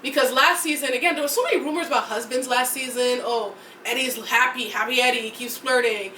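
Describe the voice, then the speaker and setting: A woman's voice: sits high, fairly quick, sharp tone, a little hiss or hum. A woman co-hosting a podcast, chatting casually and gossipy about reality TV, rambling with restarts. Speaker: podcast co-host. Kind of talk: casual reality-TV review chat. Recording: roomy sound, mic at a distance.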